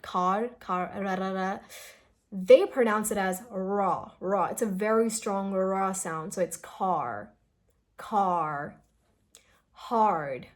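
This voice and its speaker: A woman's voice: medium pitch, darkish tone. A young woman from India teaching an English pronunciation lesson in a casual, chatty way, drawing out sounds to demonstrate them.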